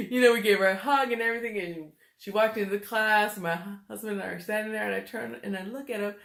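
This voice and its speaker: A middle-aged mother who vlogs chats casually, telling family stories and laughing easily. Her mid-range voice is fairly bright, and she talks fast with few pauses, recorded in an echoey room.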